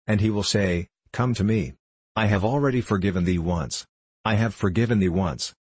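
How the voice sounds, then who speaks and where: Deep husky drunk old clerk type, begging and preaching in an audiobook, read by a man. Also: moderate pace, darkish tone, no echo. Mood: fervent. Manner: pleading, rambling, rising to fervent declaiming. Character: drunken middle-aged male ex-clerk, self-pitying, fervent. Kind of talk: audiobook character reading.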